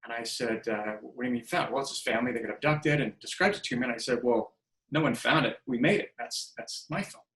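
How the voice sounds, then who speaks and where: A man's voice: medium pitch, fast talker, echoey room, poor audio. A man in his fifties, a podcast guest telling stories casually and acting out the dialogue he quotes. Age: 50s. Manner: animated storyteller who acts out quoted dialogue. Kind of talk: casual storytelling interview.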